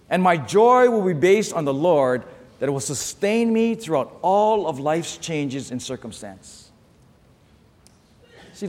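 Animated male preacher in a reverberant hall. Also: on the high side. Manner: animated, storytelling with call-and-response. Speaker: pastor. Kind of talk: sermon.

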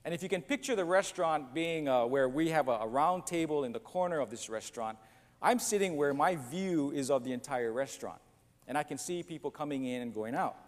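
Storytelling pastor in a reverberant hall. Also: male voice, a little high, lively intonation, fairly quick. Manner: storytelling, acts out other voices, self-deprecating humor. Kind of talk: sermon with a humorous personal story. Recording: long church reverb, faint noise.

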